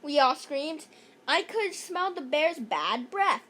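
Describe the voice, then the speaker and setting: A woman reads a children's chapter book aloud, unhurried and deliberate. Her voice sits high, and she drops in playful, jokey asides between scenes. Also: very animated, noisy background. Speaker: narrator.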